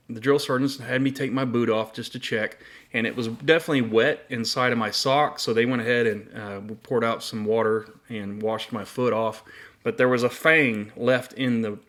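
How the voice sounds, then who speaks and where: A man's voice: medium pitch, a bit bright. Middle-aged man, casual faith testimony, loose and rambling, everyday mid-range voice. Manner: rambling, many fillers and restarts. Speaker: Christian video host.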